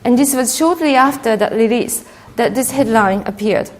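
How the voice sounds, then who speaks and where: Woman, keynote speaker, conference talk, halting delivery with many fillers, somewhat high voice. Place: conference hall.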